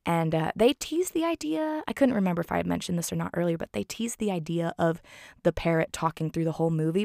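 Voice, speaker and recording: A woman's voice: fairly low pitch, vocal fry, a little mellow, dry recording, clean studio sound. A woman recapping a film in casual talk, heartfelt and rambling with many fillers. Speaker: film reviewer.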